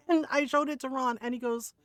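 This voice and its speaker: A woman with a higher-pitched voice chats casually while she streams a game. She tells stories with lots of quoted back-and-forth, often checking in with her listeners. The sound is dry and close, with little room echo. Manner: animated storyteller, retells others in quotes, keeps asking "right?".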